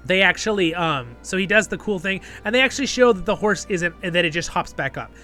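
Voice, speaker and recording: A man's voice: sits high, expressive, a little fast, pushed and bright, soft background music. A man hosting his show, giving a casual episode review in a chatty way and often tagging his points with "right?" and "okay?".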